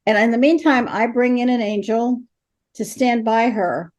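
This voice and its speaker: An older woman speaks in a slightly high, darkish voice at a moderate pace. She's a guest in an interview, a ghost helper, animatedly telling stories and acting out the dialogue.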